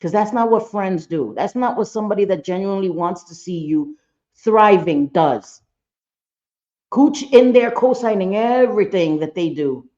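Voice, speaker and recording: A woman's voice: mid-range voice, lively intonation, normal speed, dark tone, lo-fi sound. Blunt, swearing woman host. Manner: blunt, profane, emphatic repetition. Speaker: reaction channel host. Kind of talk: casual commentary on a played clip.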